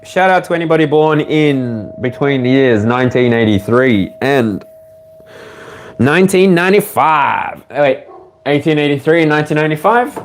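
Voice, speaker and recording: A man's voice: a little high, expressive, normal speed, slight background noise. An Australian man giving a casual tarot reading at home, rambling with many fillers and speaking straight to the viewer. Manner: loose and rambling, frequent fillers; direct second-person address to the viewer. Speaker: tarot reader.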